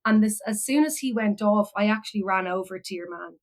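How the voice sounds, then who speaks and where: A woman's voice: medium pitch, fast, few pauses, low-quality recording. An Irish woman, a philosophy educator, telling a personal story in a rambling way, full of fillers and restarts. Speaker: podcast guest, philosophy educator.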